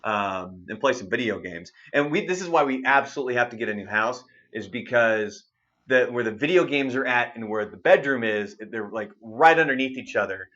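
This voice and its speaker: A man's voice: medium pitch, normal speed, dull audio. A man in his thirties hosting a radio show's online segment, chatting casually and animatedly, with frequent swearing. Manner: animated, swearing, acts out quotes. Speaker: radio show host. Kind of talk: casual storytelling chat.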